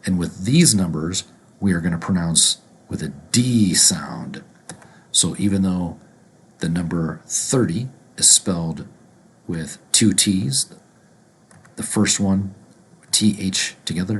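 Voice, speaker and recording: Male teacher, deep husky voice, slow and deliberate, repeats words for learners. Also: animated. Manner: deliberate, repeats each word slowly. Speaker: pronunciation teacher. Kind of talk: slow instructional explanation.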